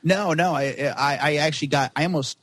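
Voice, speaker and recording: A man's voice: fairly high pitch, a bit bright. A man telling long, rambling stories as a podcast guest, with "like" in nearly every sentence. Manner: rapid, rambling, heavy use of "like". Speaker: paparazzo guest. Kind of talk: storytelling in a podcast interview.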